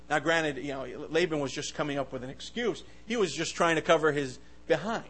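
A man delivers a fervent sermon in a slightly high voice. He swings between loud, emphatic bursts and hushed asides. He often stumbles and restarts his words as he goes. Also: animated, brisk, few pauses, poor audio. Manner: impassioned, swings loud and soft, stammering restarts. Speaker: preacher.

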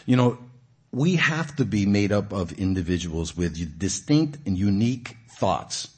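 A man delivers a relaxed sermon in a church meeting room, talking with the group rather than at them. His voice sits low and has a husky edge. He tosses questions to the listeners and leans hard into the points he wants to land. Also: measured pace. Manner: conversational, asks the audience questions, animated emphasis. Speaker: guest preacher. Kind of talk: informal sermon.

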